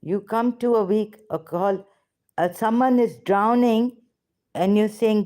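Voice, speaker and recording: A woman's voice: mid-range voice, takes it slowly, dark tone. A woman arguing heatedly on a call, confrontational and accusatory. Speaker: ex-Muslim debater on a call. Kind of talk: heated argument.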